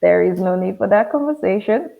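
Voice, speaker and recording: A woman with a Nigerian accent, a pharmacist telling stories in a relaxed, wry interview manner, often acting out other people's lines. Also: medium pitch, a little fast, vocal fry. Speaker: guest, pharmacist. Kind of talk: conversational interview storytelling. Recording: tinny, phone-like audio.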